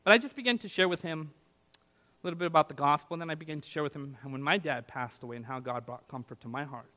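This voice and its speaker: A man preaching a sermon in a church, telling a personal story in a conversational way with asides to the audience, then slowing down to press key words for emphasis. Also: fairly high pitch, bright, forceful tone, big-room sound. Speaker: pastor. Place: church sanctuary.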